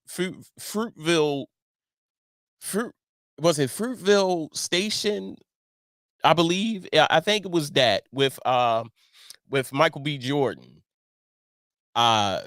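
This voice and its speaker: Man, middle-aged, casual commentary host, lively swooping pitch, rhetorical and repetitive, dead dry recording. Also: no room sound. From Baltimore. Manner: animated, exclaiming, repeats himself, rhetorical questions. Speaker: online show host.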